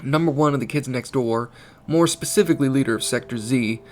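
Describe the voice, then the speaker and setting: A grave, steady British teenage leader, as a male narrator puts him on, near the narrator's own pitch. He speaks with calm seriousness in a storybook reading. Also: brisk, a little hiss or hum, natural voice. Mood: serious.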